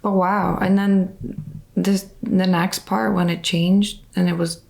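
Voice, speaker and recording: A woman reacting to music in casual chat, giving slow, quietly impressed responses. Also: fairly low pitch, level tone, vocal fry, noisy background. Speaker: reaction video co-host.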